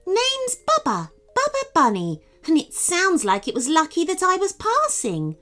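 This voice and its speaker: A woman's voice: very high-pitched, wildly swooping pitch, a little slow, fairly bright tone, faint music behind, voice pushed up, full character voice. A woman voicing a cheerful, boastful male magic bunny in a storybook, chirpy and bouncy.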